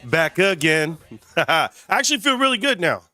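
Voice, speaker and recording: A man hosting a live stream, talking casually while sick with a sinus cold, rambling and telling animated stories. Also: a little high, normal speed, no room sound.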